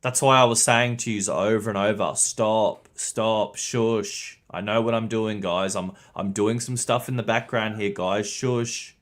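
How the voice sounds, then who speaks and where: A man's voice: fairly low pitch, fairly even intonation, moderate pace, few pauses, a bit bright. A young man streaming a game, chatting casually with his viewers, swearing and laughing often. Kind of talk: casual livestream commentary.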